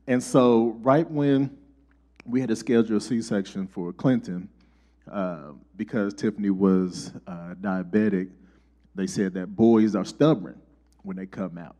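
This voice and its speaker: Warm-toned man preaching with folksy stories. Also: lowish voice, unhurried. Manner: folksy storytelling, rising animated for quoted dialogue. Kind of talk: sermon with personal stories.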